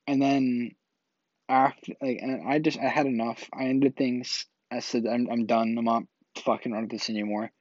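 A vlog host rambles through a casual personal story, restarting sentences and relying on filler words. His ordinary middle-pitched voice is a little mellow, moves little in pitch, and keeps a moderate pace. The recording is dry with no echo, somewhat dull, and lo-fi.

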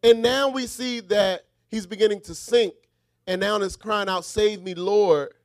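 High-voiced man preaching a sermon. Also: normal speed, no room sound, studio quality. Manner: rhythmic call-and-response preaching, swings from shouted refrains to quiet asides.

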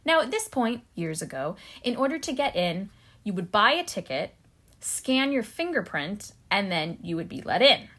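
A British woman co-hosting a podcast, chatting casually and telling a funny story with giggles and quick asides. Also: mid-range voice, big pitch swings, fairly bright tone. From Britain. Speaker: podcast co-host. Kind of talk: casual chat.

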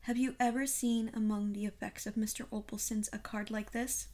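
A woman's voice: a little high, steady tone, moderate pace, a little mellow, close to an everyday voice. A woman reading a fussy, precise old detective. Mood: calm, superior. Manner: precise, lightly sprinkled with French phrases. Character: fussy elderly male Belgian detective, calm, superior. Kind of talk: audiobook character reading.

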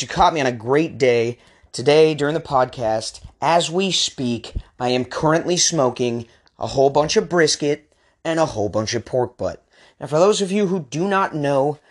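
A man in his thirties from the US West Coast, hosting a podcast with a rambling, ranting comic monologue. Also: on the high side. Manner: ranting, rambling, crude jokes. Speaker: podcast host. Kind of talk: comedic monologue.

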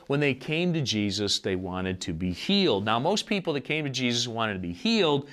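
Animated, bright-voiced male preacher. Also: medium pitch. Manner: conversational, animated storytelling with quoted voices. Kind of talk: sermon.

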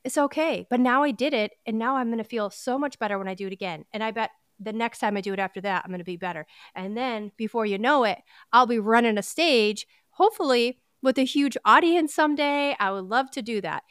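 A woman's voice: fairly high pitch, a little fast, hardly any pauses, a bit bright, clear, resonant tone, no room sound, clean studio sound. A woman hosting a personal podcast, talking in an earnest, candid and encouraging way, often restarting her sentences. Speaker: podcast host. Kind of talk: personal motivational podcast talk.

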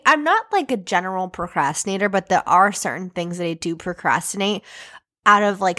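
A woman's voice: mid-range voice, a bit bright. A young woman hosting her own podcast, chatting casually and rambling with lots of fillers and self-deprecating asides. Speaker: podcast host. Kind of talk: casual solo podcast chat.

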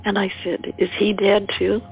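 An older woman, a bereaved mother, recalling her past in a measured storytelling voice, quoting herself and others as she goes. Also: mid-range voice, flat delivery, vocal fry, breathy edge, phone-quality sound. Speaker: interviewee, mother of a murder victim. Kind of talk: personal recollection.

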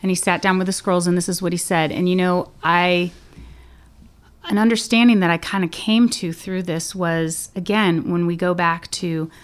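Animated woman leading a faith chat. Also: fairly low pitch, normal speed, clean tone. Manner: animated storyteller, leads the discussion with questions. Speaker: podcast co-host.

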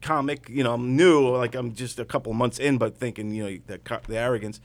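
A man's voice: medium pitch, steady tone, fairly quick. A man, a comedian, chatting casually, laughing often and trailing off mid-sentence. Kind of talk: casual chat with storytelling.

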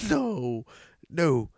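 A man's voice: on the high side, huge pitch swings, very slow, no room sound, clean studio sound, voice pushed up, exaggerated voice. A man improvising a stubborn, incredulous warrior king in a comedy bit. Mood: indignant. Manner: indignant, mocking.

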